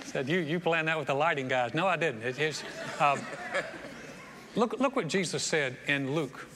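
A man preaching a lively sermon as pastor, repeating phrases and acting out other people's voices, on a stage microphone in a church auditorium. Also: fairly high pitch. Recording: long hall reverb, faint room noise.

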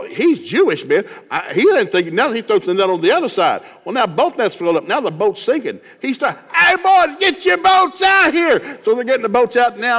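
A man from East Tennessee with a Southern accent, preaching a sermon in a folksy, animated storytelling way, acting out Bible characters with shouted lines. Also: high-pitched. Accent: Southern American. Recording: long hall reverb.

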